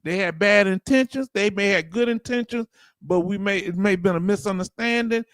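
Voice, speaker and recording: A man's voice: sits high, a little fast, a bit bright, no room sound, clean studio sound. A man with a Southern US accent hosting a casual livestream, chatting loosely and calling out to viewers as he reads their comments. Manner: loose, folksy, calls out to viewers. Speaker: livestream host.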